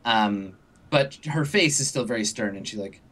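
A man's voice: on the low side, normal speed, a bit bright. A man narrating as game master in a casual, rambling way.

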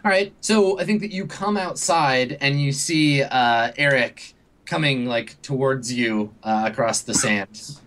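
A man's voice: mid-range voice, measured pace, a bit bright. A man narrating as game master in a casual, rambling way.

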